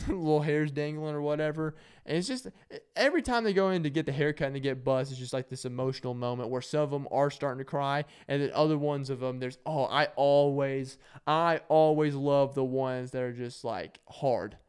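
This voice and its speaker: A man's voice: mid-range voice, normal speed, clear, resonant tone. A young man telling stories in a casual, rambling and jokey monologue. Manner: rambling, jokey, acts out quotes in shouted voices. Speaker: vlogger.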